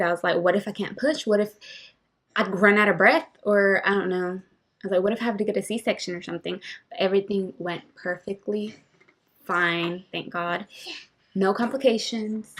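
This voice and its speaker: A woman's voice: medium pitch, a bit bright. A young woman telling a personal story in a candid vlog, switching between English and Spanish mid-sentence with emphatic, emotional retelling. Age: young adult. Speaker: vlogger.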